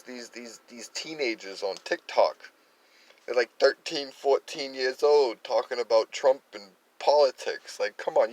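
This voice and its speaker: A man's voice: mid-range voice, dry recording, low-quality recording. A man from Massachusetts with a light Worcester accent, talking through opinionated political commentary in a rambling monologue full of fillers and restarts.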